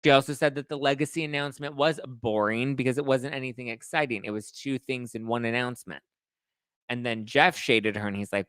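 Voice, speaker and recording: A man's voice: mid-range voice, fairly quick, clean tone, no echo. Chatty gossiping male show host, dry sound. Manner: gossipy and animated, full of slang. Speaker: host of a reality TV gossip livestream and podcast. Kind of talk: casual chatty pop-culture recap.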